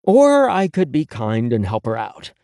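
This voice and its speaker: A man narrates a first-person audiobook with a sassy, sarcastic edge and plenty of swearing. His pitch moves a lot, and the close-miked sound is dry. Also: wildly swooping pitch, measured pace, darkish tone, no echo.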